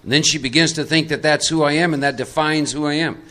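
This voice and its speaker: Bright-voiced man coaching a workshop crowd. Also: a little high, steady tone, fast. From Texas, USA. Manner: coaching, directs audience volunteers into roles; emphatic, repeats key points. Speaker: recovery workshop speaker. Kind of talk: live workshop talk to an audience.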